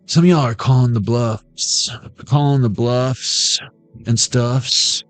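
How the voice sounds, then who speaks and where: A man's voice: mid-range voice, steady tone, slow, faint music behind. Joking man doing a tarot reading. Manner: playful, riffing, jumps between jokes and impressions. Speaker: tarot card reader. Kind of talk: rambling comic pick-a-card reading.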